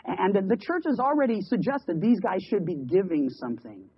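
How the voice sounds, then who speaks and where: A man preaching a sermon, telling a story with quick asides and repeated words. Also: sits high, lively intonation, slightly rough. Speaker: pastor. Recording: dull lo-fi radio broadcast.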